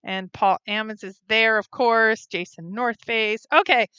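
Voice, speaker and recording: A chatty woman hosts a casual live stream, giggling and saying um a lot as she reads viewers' comments aloud. Her voice sits a little high and comes across bright and clear. The dry sound has a slightly dull, lo-fi edge from the phone or webcam mic. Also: fairly even intonation, unhurried, no echo. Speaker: vlog host reading live chat.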